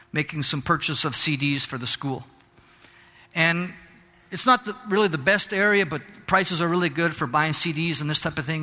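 A man pastor delivers a fervent sermon, climbing to shouts and dropping into Spanish phrases now and then. His voice sits high and bright. It rings out with a long hall reverb behind it. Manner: fervent preaching, rising to shouts.

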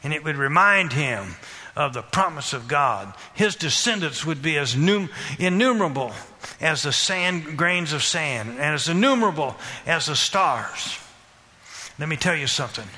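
A man preaching a sermon, questioning the congregation and repeating phrases in a steady rhythm. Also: on the high side, moderate pace. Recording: reverberant hall.

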